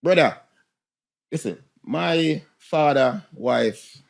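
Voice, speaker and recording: Animated man with a Jamaican accent. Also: fairly high pitch, very slow, gravelly. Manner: animated, lecturing, laughs at his own jokes. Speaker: podcast co-host. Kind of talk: casual podcast discussion.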